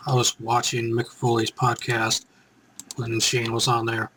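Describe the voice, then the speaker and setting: Excitable rambling man reacting live. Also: mid-range voice, unhurried, a little hiss or hum. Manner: excitable, rambling, breaks into chants. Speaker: live reaction show host.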